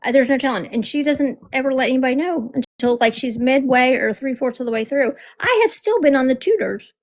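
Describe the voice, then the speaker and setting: A woman's voice: high voice, animated, a little fast. A woman hosting a livestream, chatting casually and bluntly, swearing freely and telling stories with animation. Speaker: livestream host. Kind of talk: casual chat.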